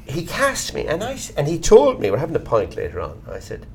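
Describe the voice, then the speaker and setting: A middle-aged Irish actor being interviewed, talking bluntly and swearing casually as he tells animated stories. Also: on the high side, brisk, gravelly, a little hiss or hum. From Ireland. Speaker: actor, guest. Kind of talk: candid conversational interview.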